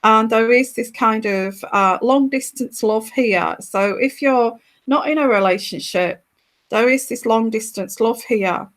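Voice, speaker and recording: A woman giving an intuitive tarot reading on a podcast, speaking straight to the listener and pausing often with fillers and restarts. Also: fairly high pitch. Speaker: tarot reader.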